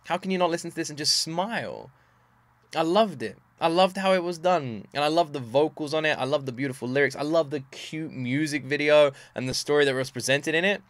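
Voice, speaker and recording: A man in his thirties giving casual reaction commentary, gushing and effusive, often repeating himself and swearing casually, with bursts of loud excitement. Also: a little high, fairly quick, no echo. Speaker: music reaction YouTuber.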